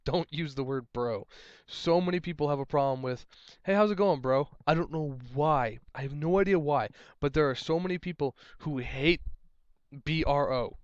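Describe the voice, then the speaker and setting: A man's voice: on the high side, normal speed, no room sound, lo-fi sound. A young man, a tournament judge, giving casual advice in a rambling, exasperated way that often repeats itself.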